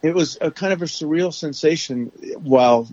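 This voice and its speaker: A man guest telling his story candidly on a podcast, halting often with restarts and fillers, over remote call audio. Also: on the high side, lo-fi sound, crowd noise.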